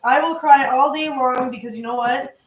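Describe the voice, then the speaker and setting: A woman's voice: high-pitched, fairly even intonation, moderate pace, echoey room, very noisy. A woman hosting a cooking livestream, chatting emotionally and gushing thanks at her viewers while she cooks at home. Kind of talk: casual live-stream chat while cooking. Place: home kitchen.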